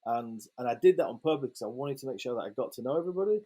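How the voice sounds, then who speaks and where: A man, a photographer guest telling a lively, sweary anecdote in a casual interview and acting out the quotes. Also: medium pitch, racing.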